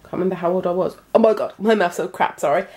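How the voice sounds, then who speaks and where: Filming indoors at home, this British woman in her twenties rambles chattily to her audience in a casual vlog. She talks fast, with a fairly low pitch and a darkish tone.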